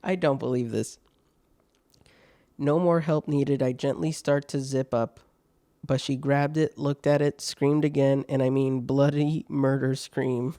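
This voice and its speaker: Mellow-voiced man reading stories, laughing. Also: mid-range voice, fairly even intonation, unhurried, dry recording. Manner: laughing, swearing, mocking asides. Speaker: podcast host. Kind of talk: reading online stories aloud with commentary.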